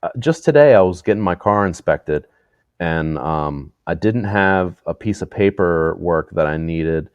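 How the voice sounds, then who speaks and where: A man's voice: sits low, unhurried, clean tone, no echo, highs cut off. A man co-hosting a podcast in casual chat, swearing freely and laughing as he tells stories. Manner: swears freely, laughs often, animated storytelling. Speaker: podcast co-host.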